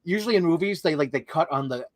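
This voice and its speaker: A man's voice: a little high, animated, fast, dry recording. A young man co-hosting a casual movie discussion, talking enthusiastically in long run-on lists full of "like". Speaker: co-host.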